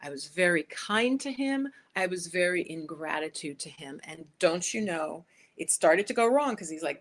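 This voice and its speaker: A woman's voice: lowish voice, expressive, normal speed, hardly any pauses, fairly bright tone. A woman life coach giving a casual, chatty motivational talk, speaking directly to her viewers.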